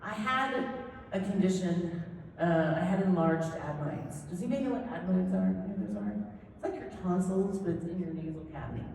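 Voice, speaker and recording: A woman's voice: fairly low pitch, recorded from a distance, slight background noise. Chatty woman in an echoey hall. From Southern California, USA. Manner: chatty, animated, self-deprecating joking. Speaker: voice actor, convention panel guest. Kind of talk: convention Q&A storytelling. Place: convention panel room.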